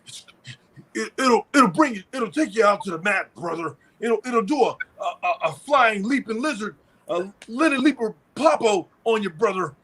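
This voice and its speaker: A man putting on the voice of a boastful male pro wrestler who shouts and keeps calling the listener brother. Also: high voice, lively intonation, moderate pace, husky, pitched above the performer's own voice, full character voice, low-quality recording. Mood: hyped. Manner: shouting, calls everyone brother.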